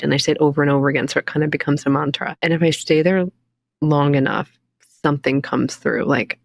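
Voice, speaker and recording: A woman's voice: sits low, fairly even intonation, quick pace, creaky, no room sound. A woman in her forties, a recovery coach and podcast guest, speaking earnestly and reflectively in a candid interview. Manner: earnest, reflective, quotes her own inner voice.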